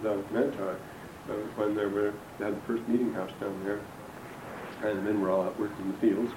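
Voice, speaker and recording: This religion lecturer is an older man whose scripture lesson drifts through digressions, stories, and dry wit. He speaks on the low side with a flat delivery and a slightly fast pace. The recording is distant and roomy, with noise behind him.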